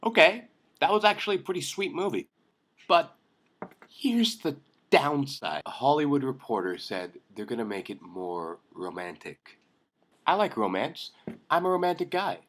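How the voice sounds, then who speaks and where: A young man hosting a comedic film commentary vlog, sarcastic and excitable, ranting with jokes. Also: medium pitch, normal speed. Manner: sarcastic, excitable, jokey rants. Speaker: vlog host.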